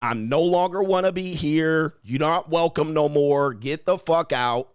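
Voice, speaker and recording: A man's voice: fairly high pitch, measured pace, clear, resonant tone, no room sound, studio quality. A man hosting his own livestream, talking straight to his viewers in a brash, profane, mocking way and taunting them. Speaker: livestream host. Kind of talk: livestream rant to chat.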